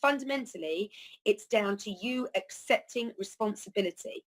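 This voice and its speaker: A woman's voice: medium pitch, moderate pace, poor audio. A woman hosting a wellness talk, speaking earnestly in a loose, rambling way with frequent fillers about words and healing. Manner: earnest, rambling, with many "you know" fillers. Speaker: holistic healer and podcast host. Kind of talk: reflective spoken monologue.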